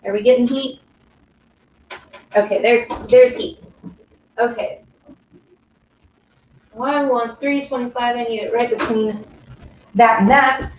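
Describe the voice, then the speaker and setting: A woman's voice: on the high side, fairly even intonation, takes it slowly, long pauses, dull audio. A woman hosting a casual baking livestream from her home kitchen, chatting bubbly with viewers and reading their comments. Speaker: baking livestream host and singer.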